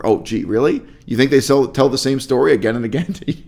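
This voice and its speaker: Sarcastic man with a gravelly voice. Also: mid-range voice, fast, a little mellow. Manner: mocking, laughs at his own jokes. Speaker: video commentator. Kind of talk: sarcastic commentary reading reviews.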